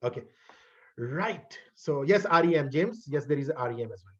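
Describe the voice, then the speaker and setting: Over a video call, a male college instructor in web development closes out his online lecture in a slightly high voice with lively intonation. Friendly and encouraging, he halts and repeats words as he goes. The call audio from his computer mic sounds dull and lo-fi.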